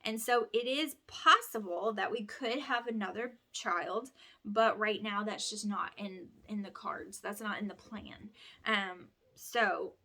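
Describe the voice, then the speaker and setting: A woman's voice: medium pitch, unhurried, bright, forceful tone. A tired woman, chatting and rambling with lots of restarts while folding laundry at home. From Alabama. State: tired from lack of sleep. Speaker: vlogger and homeschooling mother. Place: home, indoors.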